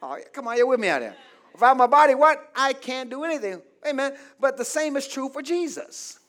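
A man preaching a call-and-response sermon as pastor, calling for amens, prompting the congregation to fill in words and building to shouts. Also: very high-pitched, big pitch swings, a little fast. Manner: preaching with calls of "say amen, somebody" and rising shouts. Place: church.

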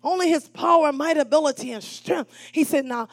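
A woman preaching a sermon, animated, calling out to the congregation and dropping from shouts to hushed asides. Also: high-pitched, normal speed, dry recording. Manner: animated and call-and-response, swinging between shouts and hushed asides.

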